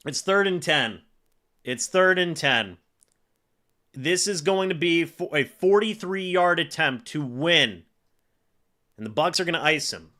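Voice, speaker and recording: A man hosting a live football reaction stream for his chat, excitable and swinging between loud disbelief and deflated muttering. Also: on the high side, unhurried, pauses often. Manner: talks to chat. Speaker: fan livestream host. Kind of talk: live game reaction commentary.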